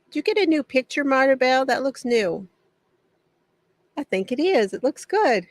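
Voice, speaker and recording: A woman's voice: high voice, very animated, normal speed, no room sound. A woman hosting a casual craft livestream from her home shed, greeting viewers by name, chatty and often laughing.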